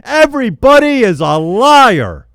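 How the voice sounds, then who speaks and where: A man angrily venting in a spoken rant, yelling, repeating himself and stumbling over his words in frustration. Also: very high voice, sing-song, a little slow, no echo. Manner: repeats phrases for emphasis. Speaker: political vlogger.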